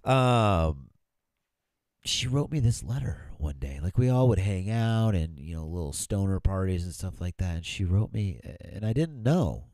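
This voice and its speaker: A man's voice: deep voice, lively intonation, unhurried, a little mellow, no echo, clean studio sound. A middle-aged man co-hosting a podcast, telling rambling stories in casual chat and swearing freely. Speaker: podcast co-host.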